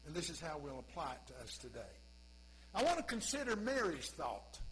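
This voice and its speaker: A man's voice: a little high, sing-song, brisk, fairly bright tone, a little hiss or hum, poor audio. A male pastor preaching a sermon in a folksy, conversational way with humorous asides.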